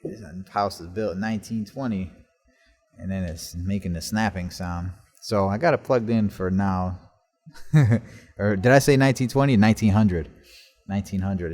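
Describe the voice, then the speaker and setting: Speaking in a somewhat low, darkish voice, a podcast host rambles loosely through solo stories, cursing in nearly every sentence. His recording comes from a laptop in an old house's basement workshop.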